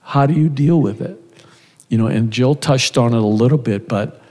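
A man's voice: medium pitch, normal speed, warm tone. An older man preaching a sermon with folksy, conversational storytelling in a church. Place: church sanctuary. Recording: church hall reverb.

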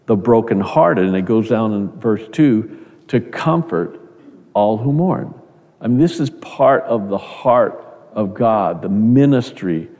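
A man preaching with a low, mellow voice, earnest and conversational, doubling back on his words as he talks. His sermon rings out with a long reverb, as if it were recorded in a large church sanctuary.

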